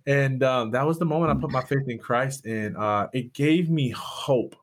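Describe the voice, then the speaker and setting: A pastor in his younger adult years speaks candidly and earnestly as a guest on an interview podcast. He retells events with animated energy, repeating words and restarting phrases as he goes. He is a man from Michigan with a middle-pitched voice. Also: moderate pace, hardly any pauses. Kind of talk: candid storytelling and conversation.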